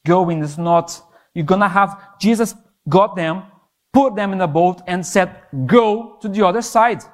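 Impassioned high-voiced male youth preacher. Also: measured pace. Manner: impassioned, rises and falls in pitch for emphasis. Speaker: youth pastor. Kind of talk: sermon.

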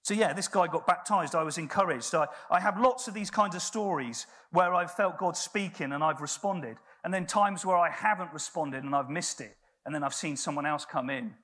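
A man's voice: a little high, normal speed, few pauses, pushed and bright. A man preaching a sermon in a church, telling stories in a conversational way with frequent restarts.

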